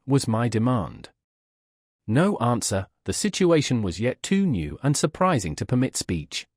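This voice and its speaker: A man narrating a classic novel in the first person, reading in a measured, expressive way. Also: mid-range voice, dry recording, clean studio sound. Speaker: audiobook narrator.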